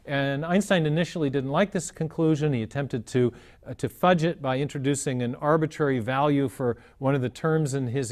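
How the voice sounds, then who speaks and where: A man explaining cosmology in a measured lecture style, often restarting his phrases as he works through an idea. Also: medium pitch, darkish tone.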